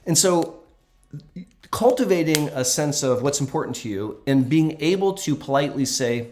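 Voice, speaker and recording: A man who works as a doctor, talking in a casual livestream Q&A and answering viewer questions in an earnest, emphatic way with frequent ums. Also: mid-range voice.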